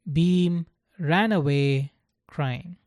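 A narrator reading a story aloud in a slow, deliberate scripted style. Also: mid-range voice, a little mellow, no echo, clean studio sound.

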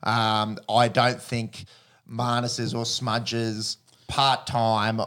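A man's voice: mid-range voice, completely flat delivery, very slow, a bit bright. An Australian man co-hosting a sports podcast, chatting bluntly with lots of slang and fillers. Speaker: podcast co-host. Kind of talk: casual sports chat.

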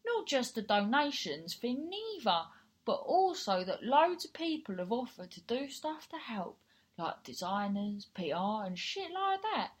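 A woman putting on the voice of a cheerful, chatty male friend, with a high, sing-song delivery. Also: very animated, a little slow. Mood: chuffed.

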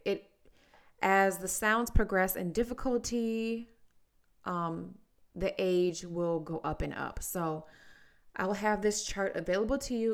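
A woman, a speech-language pathologist, talks parents through how children learn speech sounds. Her delivery is slow and unhurried, with a slightly gravelly edge. She stresses each example sound deliberately as she models it. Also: medium pitch, darkish tone. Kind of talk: parent education talk.

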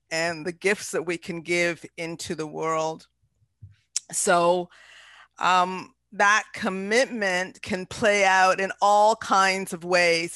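A woman's voice: medium pitch, fairly bright tone, no echo. A woman speaking earnestly and from the heart as a podcast guest, with some fillers and restarts. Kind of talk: inspirational podcast talk.

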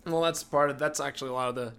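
A man's voice: medium pitch, steady tone, fast talker, vocal fry, fairly bright tone, clear, resonant tone. A man from New Orleans co-hosting a podcast, teasing his friends and explaining things in casual chat. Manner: teasing, explains with easy rules. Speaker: podcast co-host.

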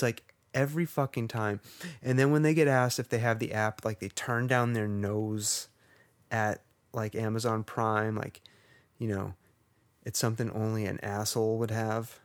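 A man's voice: fairly low pitch, steady tone, unhurried, no room sound. A man co-hosting a podcast, ranting sarcastically and swearing a lot. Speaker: podcast co-host. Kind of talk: casual podcast rant.

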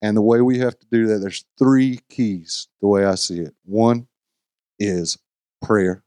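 Low-voiced, measured male guest preacher. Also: steady tone, warm tone. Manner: measured and earnest, slow deliberate phrasing. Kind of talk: sermon teaching.

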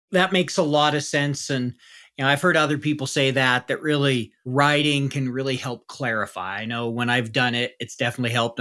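A man's voice: mid-range voice, sharp tone. A man hosting an interview podcast, affirming his guest and thinking aloud in a conversational way. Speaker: podcast host.

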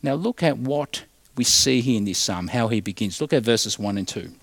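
A man preaching a sermon as pastor, swinging from loud emphasis to hushed, quiet tones. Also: medium pitch, animated, moderate pace, vocal fry, no room sound.

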